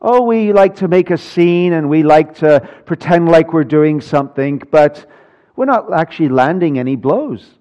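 Preacher man with a slightly high voice. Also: lively intonation, moderate pace, warm tone. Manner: storytelling, wry humor, rising emphasis. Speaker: pastor. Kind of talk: sermon. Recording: dull lo-fi sound.

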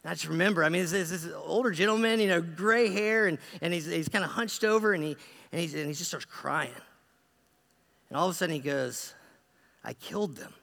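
Male pastor, slightly high, gravelly voice, earnest conversational sermon, heavy church reverb. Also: brisk, fairly bright tone. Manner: conversational and earnest, frequent restarts. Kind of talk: sermon storytelling. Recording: long reverb of a large hall.

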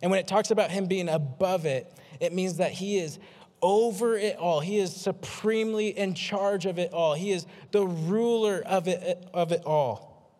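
A man preaching a sermon as a pastor, energetic and self-deprecating, repeating words for emphasis. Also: sits high, moderate pace. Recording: long hall reverb.

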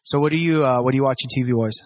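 A man chatting casually as a podcast co-host, animated and swearing freely, acting out quoted voices. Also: mid-range voice, very fast. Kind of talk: casual chat.

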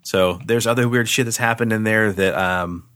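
A man co-hosting a podcast, telling a spooky story in a casual, animated way, swearing freely and acting out the voices. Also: fairly low pitch, moderate pace, no room sound, clean studio sound.

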